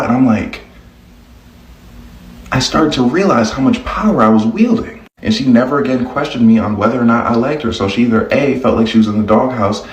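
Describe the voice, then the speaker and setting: Young man, quick boastful storytelling, echoey room, distant mic. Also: medium pitch. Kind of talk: dating advice monologue.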